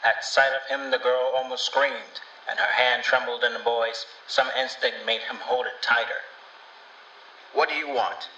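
A man calmly narrating a storybook in an even storytelling manner. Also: mid-range voice, moderate pace, few pauses, slight background noise. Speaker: storybook reader. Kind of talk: scripted narration. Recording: roomy, distant, dull sound.

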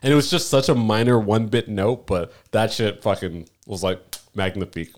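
A man co-hosting a casual podcast, animated, swearing freely and laughing often as he tells stories. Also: lowish voice, normal speed. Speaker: podcast co-host. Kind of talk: casual chat.

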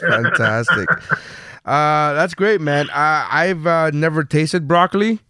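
A man's voice: fairly high pitch, slow, bright, forceful tone, clear, resonant tone, no room sound, clean studio sound. Rambling, foul-mouthed comedian man. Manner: rambling, swears freely, many fillers and restarts. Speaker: podcast co-host, comedian. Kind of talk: casual chat.

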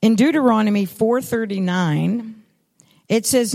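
A woman's voice: mid-range voice, a little slow, darkish tone. An older woman preaching a sermon, telling stories with repeated, emphatic phrases. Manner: storytelling, repetitive emphatic phrasing. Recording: long reverb of a hall.

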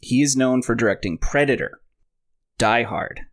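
A man hosting a casual movie podcast, sharing trivia in a relaxed, joking way. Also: mid-range voice, moderate pace. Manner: relaxed, shares trivia, jokes around. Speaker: podcast host.

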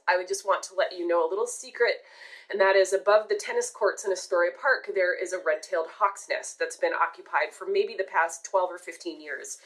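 A woman telling a long personal story in casual podcast chat, animated and swearing casually. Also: medium pitch, rough recording.

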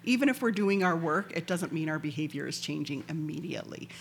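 A woman life coach co-hosting a podcast in a casual, measured way. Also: deep voice, lively intonation, gravelly, slight background noise. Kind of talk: casual chat.

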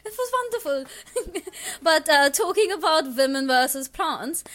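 High, bright, sassy woman. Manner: sassy, joking commentary. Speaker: co-host. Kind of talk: casual news chat.

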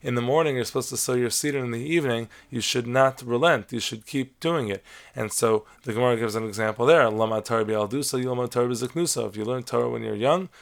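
Male Torah teacher, mid-pitched and heavily gravelly, measured explanatory delivery with Hebrew terms mixed in. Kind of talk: lecture-style lesson on Talmud stories.

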